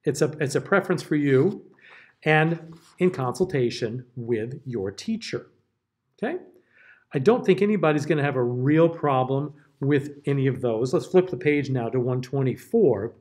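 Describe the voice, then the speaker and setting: A man's voice: medium pitch, lively intonation, moderate pace, darkish tone. An American man giving a classroom diction lecture, carefully over-enunciating example words. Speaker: diction teacher.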